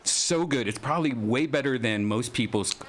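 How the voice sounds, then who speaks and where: A man's voice: mid-range voice, normal speed, slight background noise. A man telling a casual story on a podcast, with lots of fillers. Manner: relaxed, filler-heavy storytelling. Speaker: podcast guest. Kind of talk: casual chat. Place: podcast studio.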